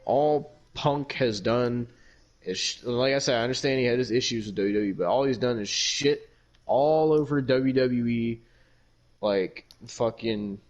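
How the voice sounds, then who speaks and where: A man's voice: medium pitch, lo-fi sound. Heated, foul-mouthed male podcast host. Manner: heated, heavily profane ranting. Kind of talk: casual podcast rant.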